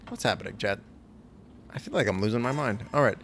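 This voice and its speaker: A man's voice: lowish voice, quick pace, pauses often, a bit bright, slight background noise. A young man swearing and joking sarcastically as he plays a game on a live stream. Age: young adult.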